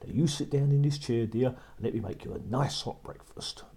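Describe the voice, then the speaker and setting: A man voicing a fussy, kindly giant's wife in a children's story, brisk and scolding, sometimes hushed. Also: mid-range voice, close to an everyday voice. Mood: fussing. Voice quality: husky. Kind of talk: storybook reading.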